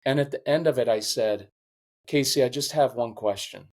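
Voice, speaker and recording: A man's voice: medium pitch, normal speed. Earnest middle-aged man, choked up. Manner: earnest, emotional, animated storytelling. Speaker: podcast guest, parenting coach. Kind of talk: conversational interview.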